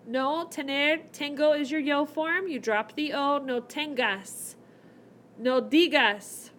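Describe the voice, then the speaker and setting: A woman's voice: high voice, measured pace, a bit bright, a little hiss or hum. A woman teaching a recorded whiteboard lesson, explaining each step in a chatty way. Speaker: Spanish teacher. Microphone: laptop mic.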